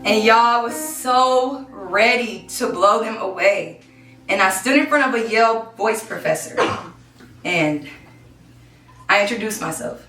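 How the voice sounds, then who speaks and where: A young woman from Kansas City, Missouri, telling her own story in a one-woman stage show, lively and playful. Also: medium pitch, a little slow. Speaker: solo performer. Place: stage in a performance space. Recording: roomy live stage, distant mic, music.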